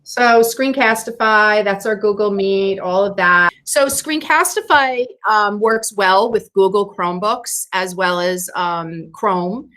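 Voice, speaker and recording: A woman leading a teacher training over a video call, walking through software steps casually, and she says she is losing her voice. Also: medium pitch, takes it slowly, few pauses. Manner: explains steps casually with fillers. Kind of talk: screen-share training session.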